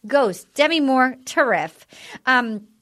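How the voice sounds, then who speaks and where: A woman with a high, bright-toned speaking voice leads a loose, chatty recap. She is blunt and frank, joking as she goes. Her delivery is animated and conversational. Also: slow pace, background noise. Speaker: podcast host. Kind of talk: casual recap chat.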